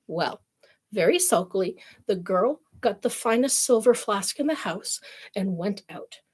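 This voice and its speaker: A woman reads fairy tales aloud in a clear storytelling voice, slipping into wry, snarky asides. Her tone is husky and breathy at mid pitch. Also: lively intonation, unhurried, a little mellow. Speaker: storyteller streamer. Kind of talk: reading fairy tales with commentary.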